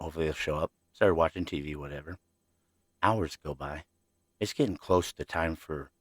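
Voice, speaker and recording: A man's voice: deep voice, husky, no echo, studio quality. A man hosting his own podcast, telling childhood stories in a rambling, chatty way and talking straight to his listeners. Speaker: podcast host. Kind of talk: casual storytelling.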